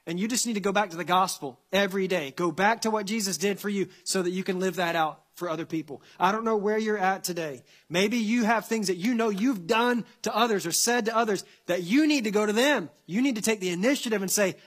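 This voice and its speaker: A man's voice: sits high, brisk, few pauses, fairly bright tone. A male pastor preaching a sermon that ends in prayer, earnest and building to impassioned emphasis with repeated phrases.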